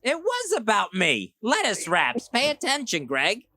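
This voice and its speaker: Brief: male co-host, defensive and aggrieved, lively pitch, dry studio sound. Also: a little slow, no room sound. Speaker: radio co-host. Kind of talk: radio banter.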